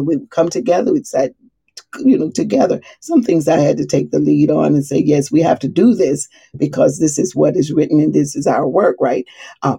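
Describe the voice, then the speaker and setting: A Bible study teacher leads a morning call, earnest and rambling, often restarting her sentences in casual spoken teaching. Her low-pitched voice is warm and breathy with vocal fry, recorded dry.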